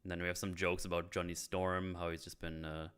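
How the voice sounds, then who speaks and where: A man hosting a casual movie review chat, rambling and trailing off into low mumbles. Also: little pitch movement, brisk, a bit bright, clean tone. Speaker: host.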